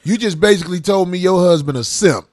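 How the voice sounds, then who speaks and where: A man hosting a comedy talk show, trading crude, mocking jokes and breaking into loud rants. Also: sits high, quick pace, dry recording, studio quality. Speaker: comedian host. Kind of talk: profane comedic banter.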